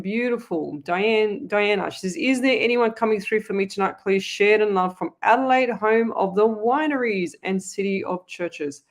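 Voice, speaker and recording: A woman with an Australian accent hosting a live online psychic reading show, chatty and rambling, talking straight to her viewers. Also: medium pitch. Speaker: psychic medium host.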